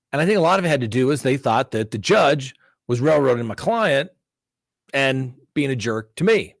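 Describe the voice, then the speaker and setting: A man's voice: mid-range voice, expressive, moderate pace, gravelly, dry recording, clean studio sound. A man who works as a defense attorney, hosting a live crime talk stream and telling courtroom stories with a blunt, combative edge, acting out both sides of the exchanges. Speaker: defense attorney and show host.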